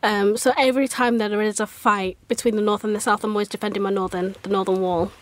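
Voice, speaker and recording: A woman's voice: mid-range voice, level tone, fast talker. A woman with a northern English accent, a guest talking with many ums and frequent giggles. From northern England.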